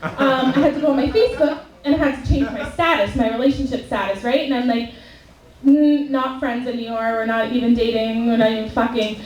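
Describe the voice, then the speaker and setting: A woman's voice: fairly high pitch, fairly even intonation, fairly quick, darkish tone. A young woman from Canada doing a stand-up comedy set on a club stage, chatty and profane, with "like" in nearly every sentence. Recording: roomy club sound, mic at a distance.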